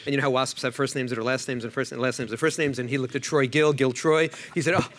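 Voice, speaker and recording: A man with a New York accent, giving an animated, joke-filled conference talk and often repeating words as he restarts. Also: mid-range voice, fast. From United States. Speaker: panel speaker, historian. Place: conference room.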